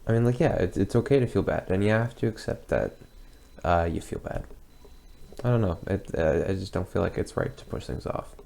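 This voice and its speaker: A young adult man casually reacts to an old video of himself, rambling hesitantly with lots of pauses and restarts. His voice is low-pitched, gravelly, and mellow.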